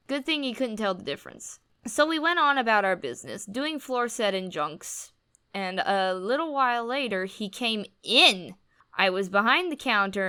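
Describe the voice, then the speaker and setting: A woman's voice: medium pitch, bright, forceful tone, clean tone. A woman reading a first-person blog post aloud with wry, amused storytelling. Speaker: reader on a commentary channel.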